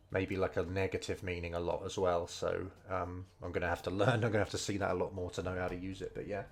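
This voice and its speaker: Slow, low-voiced man thinking aloud. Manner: hesitant, thinking aloud with many fillers; slow, unhurried delivery. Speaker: streamer learning Mandarin. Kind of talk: casual study commentary over gameplay. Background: faint game music.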